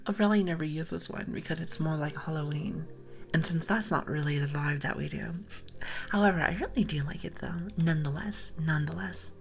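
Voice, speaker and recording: A young woman with a low, soft voice rambles and giggles through a whispered ASMR stream on a close mic. She drifts between breathy whispers and quiet speech. Faint music plays underneath. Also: a little fast. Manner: chatty, giggly, rambling, greets viewers. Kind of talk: whispered ASMR livestream chat.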